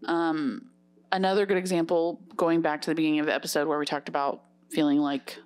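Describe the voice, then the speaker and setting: A woman's voice: sits low, little pitch movement, a little fast, darkish tone, smooth. A young woman co-hosting a casual podcast, talking frankly and giving direct advice. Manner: frank, plain-spoken, gives direct advice. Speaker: podcast co-host.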